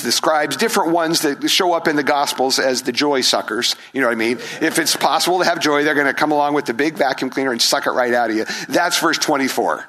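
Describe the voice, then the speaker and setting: A male pastor preaching a sermon, animated, asking the congregation rhetorical questions and acting out crowd voices. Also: mid-range voice.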